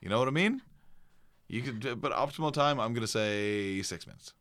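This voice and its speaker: A man's voice: mid-range voice, lively intonation, brisk, a bit bright, no room sound, studio quality. A man co-hosting a casual podcast, teasing his co-host and confidently explaining things.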